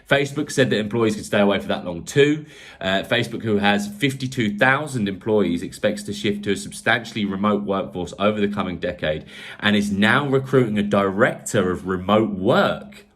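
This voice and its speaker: A man from England chatting on a tech podcast in a low voice. He rambles easily, stacking fillers and restarting his sentences as he goes. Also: moderate pace, a bit bright. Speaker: podcast co-host. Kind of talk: casual tech podcast chat.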